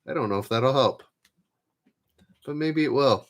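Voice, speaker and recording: A man hosting a live-stream trivia game, relaxed and self-deprecating, repeating each question as he reads out viewers' guesses. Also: medium pitch, a little slow, a little hiss or hum. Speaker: trivia host.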